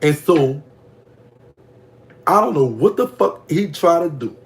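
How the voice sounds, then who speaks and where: Speaking slowly in a fairly high, animated voice over background noise, a man with a Louisiana Southern accent shares a prison story. He's a vlogger doing gossipy, casual storytime talk, and his voice jumps up as he reacts to comments.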